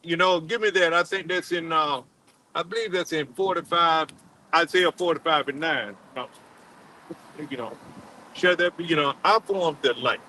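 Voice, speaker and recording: A man preaching a sermon in a halting, repetitive way, full of fillers, and calling on another man to read scripture aloud. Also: a little high, bright, forceful tone, a little hiss or hum, low-quality recording. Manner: halting, repeats words, many fillers, calls on a reader. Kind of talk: street-style sermon with scripture reading.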